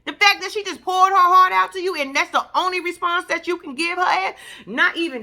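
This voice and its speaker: A woman's voice: extremely high pitch, a little fast, sharp tone. A woman giving casual reaction commentary as a vlogger, blunt and profane, ranting in exasperation.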